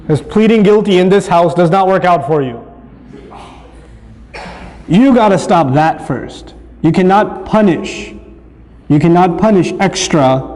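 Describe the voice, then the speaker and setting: A man giving a parenting lecture in an animated, humorous way, acting out little scenes. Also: sits high. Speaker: speaker. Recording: long hall reverb.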